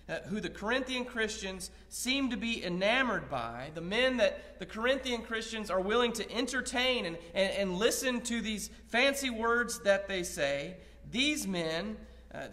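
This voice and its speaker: A man preaching an evening lesson in a church sanctuary, his high voice carried by a long, ringing reverb. He speaks earnestly and builds his points through rhetorical questions and paraphrased scripture. His tone stays bright and forward throughout. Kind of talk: evening Bible lesson sermon.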